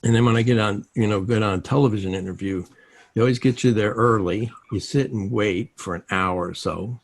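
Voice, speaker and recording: A man's voice: on the low side, a little fast, vocal fry, husky. A man giving a casual self-help teaching talk over a video call, telling stories and acting out the dialogue in them. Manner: animated storytelling, acts out quoted dialogue.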